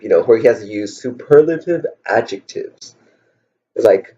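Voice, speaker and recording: Lively-voiced man musing wryly. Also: medium pitch, moderate pace. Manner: musing, wry, asks rhetorical questions. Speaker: vlogger. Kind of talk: rambling storytelling vlog. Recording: dull lo-fi sound.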